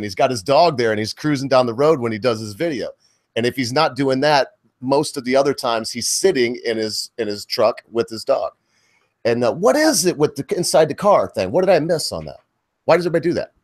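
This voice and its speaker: A man's voice: medium pitch, lively intonation, fairly quick. A man in his forties with a North Carolina accent, hosting a casual podcast chat and rambling and joking as he goes. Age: 40s. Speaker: podcast host.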